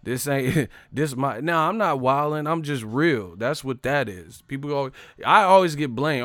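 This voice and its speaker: A man's voice: fairly high pitch, animated, moderate pace, few pauses, fairly bright tone, no echo, clean studio sound. A man hosting a livestream, ranting in a brash, profane, casual way and laughing often. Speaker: livestream host.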